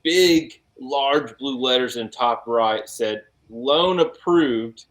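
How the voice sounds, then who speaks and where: A man's voice: mid-range voice, slow, rough recording. A man co-hosting a podcast in casual chat, reading aloud and making emphatic points. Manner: animated, reads aloud, emphatic. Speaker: podcast co-host.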